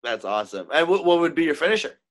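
A man's voice: fairly high pitch, sing-song, quick pace. A man hosting a casual interview, asking questions in a friendly, encouraging way. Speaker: interview host.

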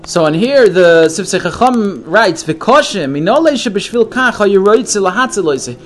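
A man's voice: high voice, lively intonation, moderate pace. A man leading a text study class, reading each Hebrew phrase and then translating it. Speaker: Torah teacher.

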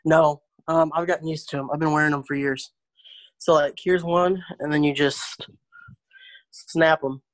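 A young man in casual chat, telling stories in an animated, profane way. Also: a little high, moderate pace.

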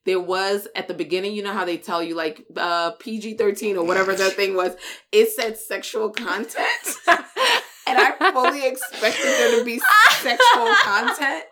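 Animated young woman chatting casually. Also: mid-range voice, normal speed. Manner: animated, hypes things up, laughs often. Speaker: podcast co-host. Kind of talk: casual chat.

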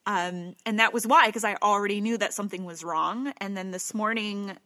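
A woman's voice: medium pitch, fairly even intonation, moderate pace, bright, forceful tone, no echo, studio quality. A woman in casual conversation, telling a long anecdote in a chatty way with some swearing. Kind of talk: casual chat.

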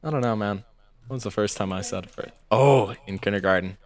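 A man's voice: on the low side, brisk. A young man telling a self-mocking story in a casual podcast chat. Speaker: podcast guest.

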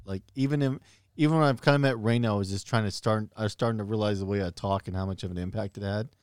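Earnest low-voiced man, thinking aloud. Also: fast, clear, resonant tone, dry recording, studio quality. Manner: earnest, reflective, repeats words as he thinks. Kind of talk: casual chat.

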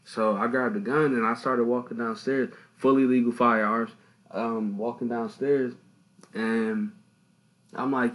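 A young man hosting a casual podcast, telling stories in an animated, slangy way. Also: mid-range voice, unhurried, poor audio. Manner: animated, slangy storytelling with loud laughing outbursts. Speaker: podcast host.

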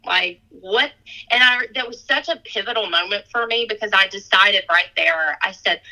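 A woman's voice: mid-range voice, moderate pace, pushed and bright, poor audio. A woman in her thirties, a fitness coach, talking in a heartfelt, gushing way on a podcast, full of "like" and laughter. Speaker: fitness coach and gym owner. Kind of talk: emotional podcast conversation.

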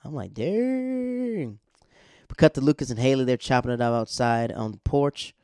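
Man, casual slangy recap, mellow dark voice, dry close sound. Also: medium pitch, fairly even intonation, fast, clean tone, dry recording. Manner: slangy, laid-back storytelling. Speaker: TV episode recapper.

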